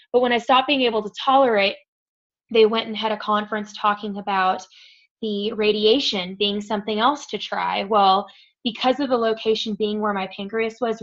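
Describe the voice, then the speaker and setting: A woman who is a podcast guest tells a personal story in an earnest way, pausing on many "um" fillers. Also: mid-range voice. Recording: dull lo-fi audio.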